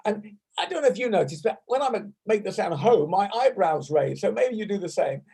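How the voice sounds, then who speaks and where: A man with an English accent leading an online laughter yoga class over a video call, playful and self-mocking, demonstrating laugh sounds out loud. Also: sits high, very animated, a little fast, vocal fry, husky. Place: home room on a video call.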